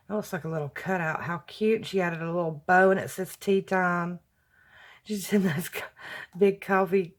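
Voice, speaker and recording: Woman crafter, slow unhurried unboxing chat, slightly low voice, gushing. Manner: gushing, slow and soft-spoken. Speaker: crafting YouTuber opening happy mail.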